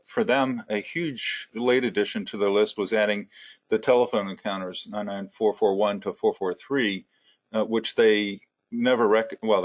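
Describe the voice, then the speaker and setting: A man hosting a healthcare webinar, talking conversationally with plenty of fillers and a dry sense of humor. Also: on the low side. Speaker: webinar host, healthcare consultant. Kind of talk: webinar discussion. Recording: dull, muffled audio.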